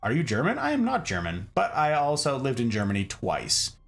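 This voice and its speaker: A man's voice: mid-range voice, wildly swooping pitch, brisk, vocal fry, a bit bright, soft background music. An American man in his thirties streaming casually, chatting with viewers in a playful, joking way. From United States. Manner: playful, jokey, drops into mock German asides. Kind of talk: casual live-stream chat reading out chat.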